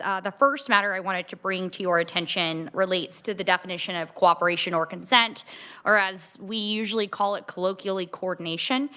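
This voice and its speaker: A woman testifying before a legislative committee, explaining policy in a measured way with frequent fillers. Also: medium pitch, bright, forceful tone, smooth. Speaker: ethics commission staff testifying.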